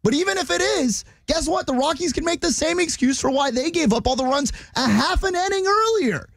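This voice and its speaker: A man's voice: extremely high pitch, expressive, fairly quick, a bit bright, no room sound, clean studio sound. A male sports radio co-host giving blunt, exasperated and sarcastic commentary. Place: radio studio.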